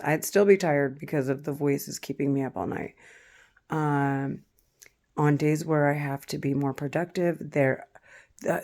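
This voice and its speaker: A woman vlogger talking casually to the camera, halting, with frequent pauses and fillers. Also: sits low, a little mellow.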